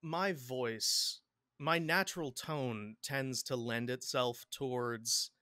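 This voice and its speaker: Bright-voiced rambling man, podcast guest. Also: mid-range voice, slow pace, no room sound, clean studio sound. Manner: rambling, repeats words, laughs often. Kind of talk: casual interview chat.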